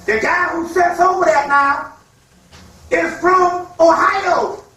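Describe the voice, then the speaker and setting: A man giving a freewheeling spiritual lecture, emphatic and profane, with mocking asides and quick put-on quotes. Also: extremely high pitch, fairly even intonation, sharp tone. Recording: echoey hall, far from mic.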